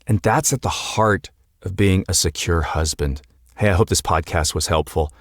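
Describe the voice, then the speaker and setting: A man hosting his own podcast as a marriage coach, speaking earnestly and deliberately with emphatic pauses. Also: deep voice, no echo, studio quality. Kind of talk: solo podcast monologue.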